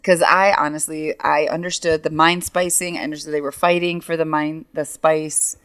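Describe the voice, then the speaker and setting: A woman's voice: sits low, level tone, moderate pace, fairly bright tone, clean tone, no room sound. A middle-aged woman co-hosting a casual podcast with her teenager, teasing and playful. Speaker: podcast co-host, parent.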